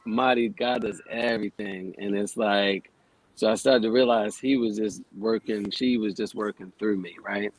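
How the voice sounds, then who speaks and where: On a low-quality recording, a man in his 40s who teaches yoga spins stories as a guest in a casual radio interview. His voice sits on the low side with fairly even intonation and a moderate pace, and he talks plainly, conversationally, with casual swearing.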